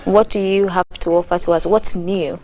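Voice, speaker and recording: A woman presenting a live breakfast TV show, asking lively questions and echoing her guest's words back. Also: on the low side, moderate pace. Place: TV studio.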